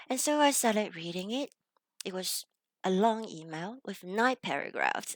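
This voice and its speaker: A woman's voice: mid-range voice, no echo. A woman with a Chinese accent tells a personal story to camera in an earnest way, with some hesitant fillers. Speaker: self-development vlogger.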